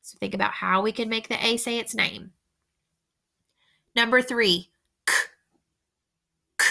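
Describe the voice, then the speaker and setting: A woman teacher slowly dictating a spelling test to young students, repeating each word with careful, deliberate instructions. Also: on the high side, steady tone, gravelly, pushed and bright.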